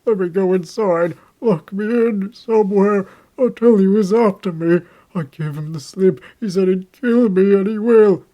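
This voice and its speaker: A man's voice: fairly high pitch, steady tone, a little slow, a little mellow, dull audio, voice pushed up, close to an everyday voice. A man reading an audiobook, voicing a terrified male tramp who shrieks and pleads frantically.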